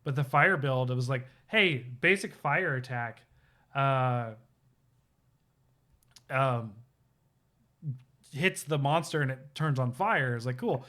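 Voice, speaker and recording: Slow and given to long pauses, this man's mid-range voice carries a game story he's telling while co-hosting a podcast live stream. The chat is casual and about video games, and he animates it by acting out quotes amid plenty of filler words.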